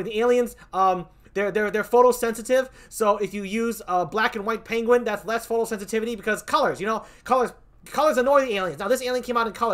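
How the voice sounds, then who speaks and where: A man hosting a comedic presentation game, excitable and rambling, tripping over his words. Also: high-pitched.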